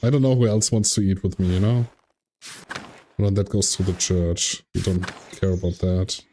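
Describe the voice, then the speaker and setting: Low-voiced, self-deprecating male streamer. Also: steady tone, moderate pace, warm tone, a little hiss or hum. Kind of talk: casual game commentary.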